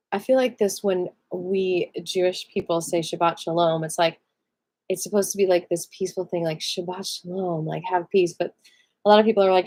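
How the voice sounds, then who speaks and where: A woman's voice: on the low side, darkish tone. A tired woman reading a self-help book aloud on a live stream, breaking off now and then for chatty asides. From American.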